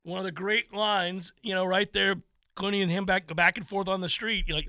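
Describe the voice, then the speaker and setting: A man hosting a sports talk show, telling stories in an animated, theatrical way. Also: sits high, fairly quick, dry recording. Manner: animated, theatrical storytelling with laughs. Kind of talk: casual chat.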